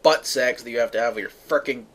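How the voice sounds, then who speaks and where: A young British vlogger rants to camera, sarcastic, profane and exasperated as he addresses his viewers. His voice is mid-range, fast and fairly bright in tone.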